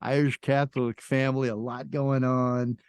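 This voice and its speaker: A man's voice: mid-range voice, level tone, moderate pace, darkish tone, clean tone, no echo. Eager interviewer man, dry sound. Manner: enthusiastic, curious interviewer. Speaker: podcast host. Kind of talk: casual interview chat.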